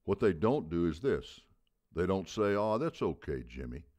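A man with a very deep voice playing a gruff, blunt baseball coach in his seventies who barks out rhetorical questions. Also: very animated, moderate pace, a little mellow. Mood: lecturing. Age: 70s. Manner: barking, booming rhetorical questions.

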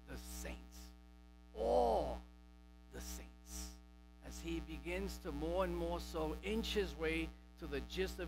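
A man's voice: on the high side, low-quality recording. A male pastor preaching a sermon emphatically, repeating and stressing key words. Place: church sanctuary.

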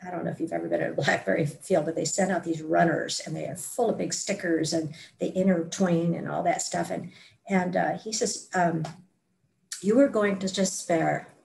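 Woman guest on a podcast, telling her story, kinda gravelly, laughs at herself. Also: lowish voice, fairly quick. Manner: lively, self-mocking, laughs while telling. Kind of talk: personal storytelling.

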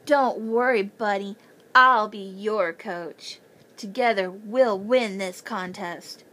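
A woman voicing a pushy, contrary schoolboy in a bedtime storybook reading, speaking loudly and with raised pitch. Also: takes it slowly. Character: contrary, boastful schoolboy coach.

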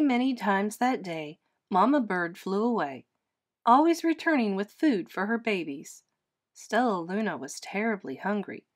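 A woman teacher reading a children's picture book aloud in a gentle, expressive storytelling manner. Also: mid-range voice.

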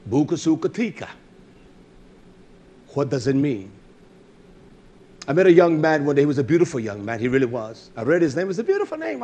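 A middle-aged man preaching a sermon, impassioned, swinging from low murmurs to shouts. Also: slight background noise.

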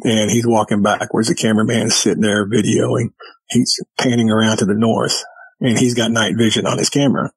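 Husky-voiced man telling a story. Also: on the low side, little pitch movement, a little fast, dry recording, rough recording. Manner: vivid retelling with quoted dialogue. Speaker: guest. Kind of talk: casual storytelling.

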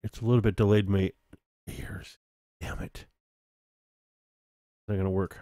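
A man's voice: fairly low pitch, level tone, measured pace, dark tone, no echo, clean studio sound. A man casually commenting on his own game stream, laughing at himself as he goes. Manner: self-mocking, laughs at himself.

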